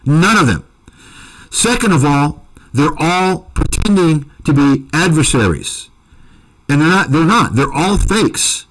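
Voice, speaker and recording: Combative man ranting, slightly high voice. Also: very animated, a little slow, fairly bright tone, low-quality recording. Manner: combative, accusatory, repeats insults. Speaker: commentary channel host. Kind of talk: ranting commentary to viewers.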